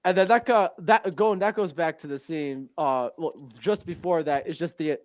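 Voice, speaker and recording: Speaking at normal speed, a man with a slightly high, darkish voice co-hosts a laid-back podcast; the audio is dull, with no room sound. He rambles, laughs a lot, and mimics lines in an assumed voice while recounting scenes.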